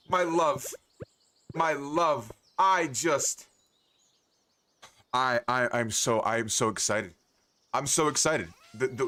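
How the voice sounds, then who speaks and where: A man streaming a game, with excitable, joking, profane casual commentary. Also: mid-range voice.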